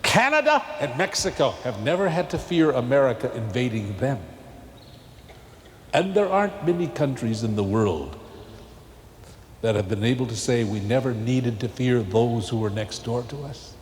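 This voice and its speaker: Animated male pastor preaching. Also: medium pitch, moderate pace, a little hiss or hum. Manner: folksy, animated preaching with rising emphatic peaks. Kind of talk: televised sermon. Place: large church. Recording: long cathedral echo, faint ambience.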